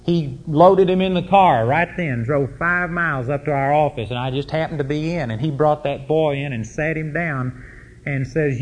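A man's voice: a little high, normal speed. A middle-aged man preaching a sermon, telling personal stories in a folksy, emphatic way. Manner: folksy, emphatic storytelling with rising intensity. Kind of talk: sermon storytelling.

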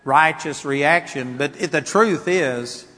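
A man preaching a sermon, telling a story and building to loud, emphatic exhortation. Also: fairly high pitch, takes it slowly. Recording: long reverb of a large hall.

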